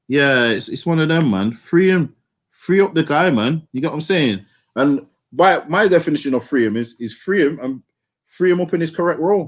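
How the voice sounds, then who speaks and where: Slangy man on a football podcast. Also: mid-range voice. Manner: slangy, rambling, repeats "you get what I'm saying". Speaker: podcast co-host. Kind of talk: casual football chat.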